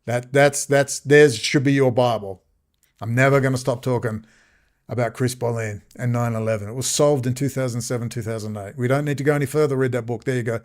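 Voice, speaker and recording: A man's voice: mid-range voice, steady tone, brisk. A man ranting sarcastically in a rambling video commentary.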